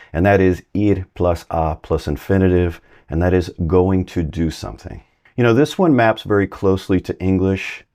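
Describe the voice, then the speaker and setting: A man giving a relaxed, conversational Spanish lesson, explaining grammar through everyday examples. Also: sits low. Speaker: Spanish teacher. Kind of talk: casual language lesson.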